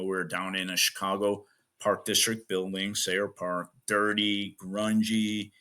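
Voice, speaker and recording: A man who coaches weightlifting, telling animated stories in a casual interview and laughing often between emphatic asides. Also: lowish voice. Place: Chicago, USA.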